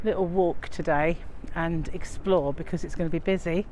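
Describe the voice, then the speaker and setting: An English woman vlogs on a handheld phone as she crosses a windy river bridge, a little out of breath. Her low-side, darkish voice stays steady at a normal speed while she rambles chattily with lots of fillers, and wind and passing aircraft can be heard.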